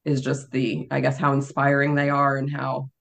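A co-author guest on a podcast speaks with a mid-pitched voice. The talk is earnest and promotional, with frequent "um" fillers. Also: completely flat delivery, moderate pace, vocal fry, a bit bright. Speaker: co-author of the book. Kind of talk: casual interview talk.

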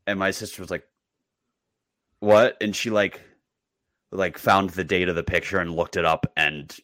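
A man co-hosting a sports podcast, telling a family story in casual chat and jumping into high voices for the people he quotes. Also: fairly even intonation, normal speed, long pauses, fairly bright tone, dry recording. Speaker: podcast co-host.

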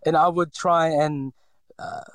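A forties-aged man from the Philippines, lightly accented, hesitantly shares his life story in a reflective interview, often restarting and using fillers. His fairly high, fairly bright voice stays steady and slow, captured in a dry, rough recording.

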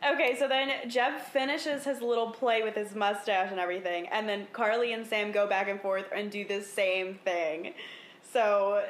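A young adult woman co-hosting a podcast in casual chat, quick to laugh and blunt, with free swearing. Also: medium pitch, fairly even intonation. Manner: giggly, blunt, swears freely. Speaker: podcast co-host. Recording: roomy echo.

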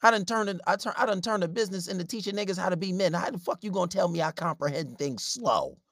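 A man's voice: high-pitched, fast, a bit bright, dry recording, clean studio sound. A man delivering a blunt, profane advice rant in a confrontational way. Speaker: relationship advice commentator. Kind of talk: ranting advice monologue.

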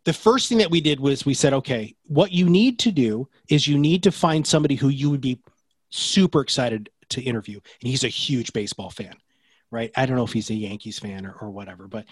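A man who runs a podcast production company, answering interview questions in a fast, enthusiastic, salesy way. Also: mid-range voice, lively intonation, breathy edge, dry recording.

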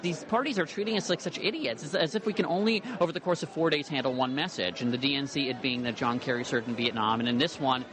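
A man, a comic correspondent, delivering deadpan, sarcastic commentary from a convention floor. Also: mid-range voice, fast talker, hardly any pauses. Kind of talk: satirical commentary. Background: convention crowd.

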